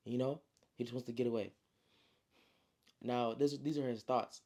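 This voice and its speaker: A man retelling his own novel like a friend telling a story, slangy and relaxed with constant fillers. His voice is gravelly, dark and mid-pitched. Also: normal speed. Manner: slangy, relaxed, many "you know" fillers. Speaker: storyteller and author.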